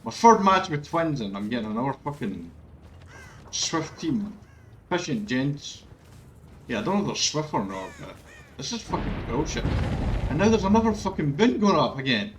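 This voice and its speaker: A man commentates over his own gameplay in a fairly high voice that leaps up and down in pitch. He swears freely and breaks into loud, exasperated outbursts. Game sounds run clearly underneath his voice. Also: very animated, moderate pace, slight background noise, rough recording. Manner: swears often, erupts into loud frustrated outbursts. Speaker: gaming video creator.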